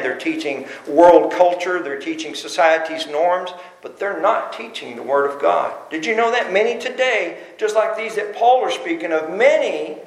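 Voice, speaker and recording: A man preaching a sermon as pastor, emphatic and full of rhetorical questions. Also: on the high side. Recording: roomy echo.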